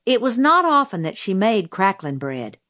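A woman narrates a novel in a measured, even storytelling voice. Her pitch sits in a middle range, and the recording is dry and close with no room around it. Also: no echo. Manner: measured storytelling, voicing characters lightly. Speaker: audiobook narrator.

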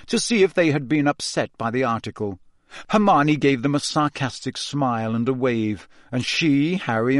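A man's voice: mid-range voice, dry recording. Man narrating a storybook, close and dry. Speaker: audiobook narrator.

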